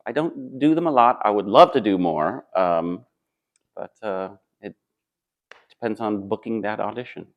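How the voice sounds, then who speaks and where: The audio is dull as a stage actor with a lowish voice answers interview questions. His manner is relaxed and thoughtful, with many pauses, fillers, and restarted sentences.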